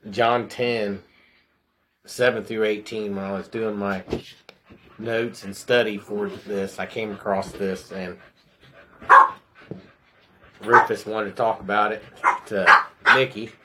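Man, earnest faith podcast co-host, lowish voice, stops to collect himself, faint background noise. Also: fairly even intonation. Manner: earnest, pauses to gather himself. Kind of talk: casual faith chat and scripture reading.

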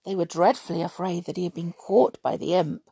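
A woman reading a children's story aloud in an expressive, dramatic way, with gasps and whispers. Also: on the low side, fairly quick, vocal fry, a little hiss or hum.

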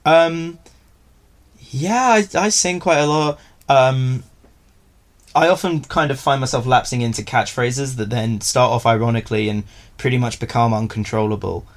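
A man's voice: mid-range voice, normal speed. A young man chatting casually as a podcast guest, rambling and self-mocking, often laughing. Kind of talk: casual chat.

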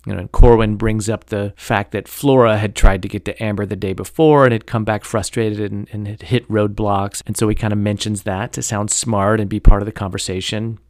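A man's voice: fairly low pitch, steady tone, fairly quick, few pauses, a little mellow, dry recording, clean studio sound. A man hosting a podcast, chatting casually and critically about a novel, rambling with lots of fillers. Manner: rambling, many fillers and hedges; critical, opinionated commentary. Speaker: podcast host discussing a novel. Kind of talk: casual chat.

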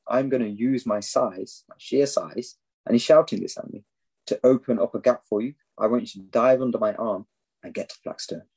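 Man from England, low husky voice, mellow tone, lively storyteller, podcast guest. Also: poor audio. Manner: animated storyteller, acts out quoted speech. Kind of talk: storytelling in a casual interview.

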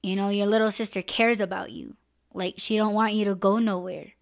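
A woman's voice: mid-range voice, fairly even intonation, fairly quick, vocal fry. A woman hosting a live-stream podcast, talking candidly and emotionally and swearing freely. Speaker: podcast host.

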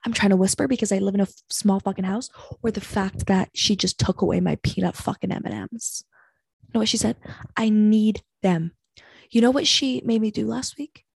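A woman's voice: medium pitch, a little fast, vocal fry, slightly rough, no echo. A young woman hosting a podcast from home, rambling through stories in an exasperated, heavily profane way. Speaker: podcast host. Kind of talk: casual solo podcast rant. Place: small house at home.

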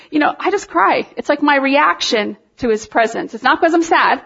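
A high-voiced woman leads worship and tells her congregation a story in a sermon-style testimony. She talks in a lively, animated way and laughs often, and her voice climbs higher as she is moved. The recording is dull and lo-fi. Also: moderate pace, gravelly, few pauses. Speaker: worship leader.

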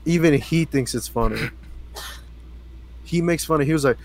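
Laughing young man, higher voice. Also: normal speed, pauses often. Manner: laughs often, swears casually while telling stories. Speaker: podcast co-host. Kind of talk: casual chat.

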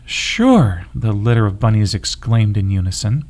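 Man, gentle storybook narrator, lively sing-song delivery. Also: mid-range voice, moderate pace. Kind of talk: children's story reading.

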